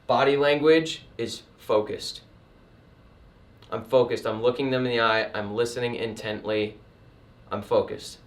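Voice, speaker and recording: A man giving a casual sales lesson in a middle-pitched voice, emphatic and conversational. He sounds a little distant from the microphone. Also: steady tone, unhurried, pauses often, reverberant. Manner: conversational and emphatic, acts out customer types. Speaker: sales trainer and painting business owner. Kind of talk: casual instructional talk. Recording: voice a bit distant from the mic.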